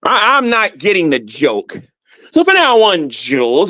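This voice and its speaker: A man doing a YouTube livestream, ranting at rivals with animated, mocking talk and frequent laughter. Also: high voice, measured pace, no room sound. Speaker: YouTube commentator. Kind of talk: mocking rant to a livestream chat. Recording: dull, dry lo-fi audio.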